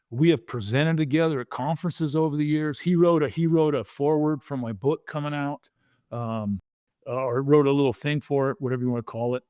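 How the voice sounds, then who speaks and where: 60s guy telling stories on a podcast, lively, trips over his words, acts out what people said, pretty dry sound. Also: fairly high pitch, dry recording. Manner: animated, stumbles and repeats words, acts out quotes. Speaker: podcast guest, former pro football player. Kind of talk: conversational storytelling.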